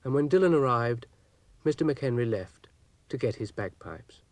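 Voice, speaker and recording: A man narrating a children's story with a dry, gently wry delivery. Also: mid-range voice, expressive, moderate pace, noisy background.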